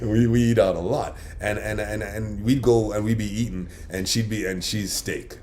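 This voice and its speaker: A man with a low voice who co-hosts a relaxed conversation. He tells stories with energy, acts out the back-and-forth, and laughs easily. A faint hum of ambience sits behind him. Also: unhurried. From Jamaica. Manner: animated storyteller who acts out quoted exchanges and laughs often. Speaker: podcast co-host. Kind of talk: casual conversation.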